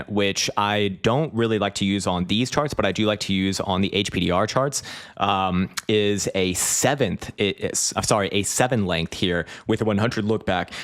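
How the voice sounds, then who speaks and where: A man in his thirties hosting a crypto trading livestream, chatting loosely with viewers, swearing freely and full of fillers and restarts. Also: lowish voice. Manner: loose and profane, heavy fillers and restarts, laughs often. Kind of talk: casual livestream chat reading viewer comments.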